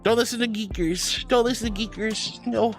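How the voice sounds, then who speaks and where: A woman's voice: on the high side, fairly even intonation, moderate pace, faint music behind. A woman streaming casually, greeting her chat in a bubbly, affectionate, giggly way. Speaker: VTuber streamer.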